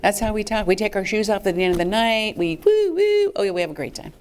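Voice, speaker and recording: A woman presenting a fundraising workshop to a live audience in a lively, chatty way. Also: mid-range voice, racing, clear, resonant tone. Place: meeting room with a live audience.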